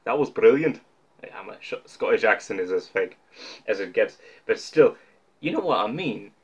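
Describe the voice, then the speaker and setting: A man's voice: fairly low pitch, big pitch swings, moderate pace, slightly rough, lo-fi sound. A young man talking casually to camera about his records, rambling and joking at his own expense with lots of fillers. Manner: rambling, joking, self-mocking, many fillers. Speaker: vlogger showing his record collection.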